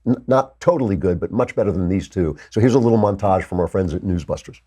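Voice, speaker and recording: Male talk host, slightly husky tone, sarcastic commentary, studio mic. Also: low voice, fast, warm tone. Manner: sarcastic, mocks opponents in exaggerated voices. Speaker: political talk show host. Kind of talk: opinionated commentary monologue.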